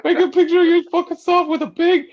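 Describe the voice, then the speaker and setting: A shrill, panicked buddy who keeps shouting in alarm, his voice cracking high above normal speech. A man puts him on in a slightly muffled, lo-fi recording with the pitch pushed way up. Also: flat delivery, quick pace. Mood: ranting. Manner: shrill, frantic ranting. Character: exasperated male friend, yelling in alarm.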